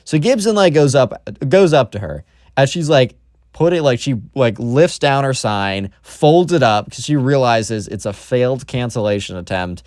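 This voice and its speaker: A man's voice: mid-range voice, lively intonation, moderate pace, a little mellow, no room sound, clean studio sound. A young man narrating a story in a casual, rambling way, with lots of fillers and asides. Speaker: YouTube storyteller.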